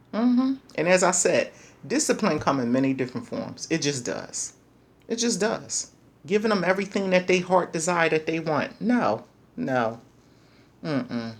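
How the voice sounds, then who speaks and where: A middle-aged woman speaking in an emphatic, preachy monologue, repeating lines for effect and calling listeners "baby". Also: on the low side. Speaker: speaker sharing parenting views. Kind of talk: passionate monologue.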